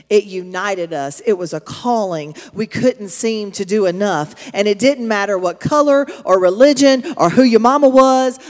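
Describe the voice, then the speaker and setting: Female preacher, chatty and emphatic, church-hall echo. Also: medium pitch. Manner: storytelling, conversational, emphatic asides to the congregation. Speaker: pastor. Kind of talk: sermon. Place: church auditorium. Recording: long reverb of a large hall.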